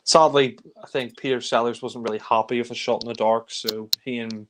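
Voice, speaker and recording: A man's voice: mid-range voice, steady tone, fairly quick, fairly bright tone, a little hiss or hum. A man reviewing films in casual chat, giving a rambling, loose recap of the plot. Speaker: film reviewer.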